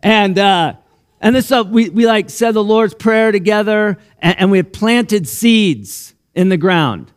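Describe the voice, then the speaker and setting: A man's voice: high voice, expressive, a little slow, smooth. A man pastor giving a sermon in a church in an easygoing, conversational way, often restarting phrases and growing emotional. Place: church sanctuary.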